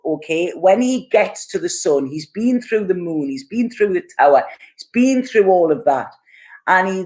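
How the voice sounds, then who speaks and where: A woman's voice: lowish voice, darkish tone. A woman giving an earnest, reassuring tarot love reading, often checking in with the listener. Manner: earnest, reassuring, many "okay?" and "you know" asides. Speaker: tarot reader.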